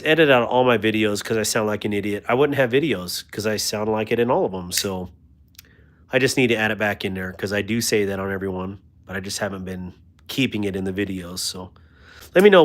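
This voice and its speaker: Low-voiced man chatting on a livestream. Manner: chatty and self-deprecating, thanks viewers warmly. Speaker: host of a knife livestream. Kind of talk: casual livestream chat reading comments.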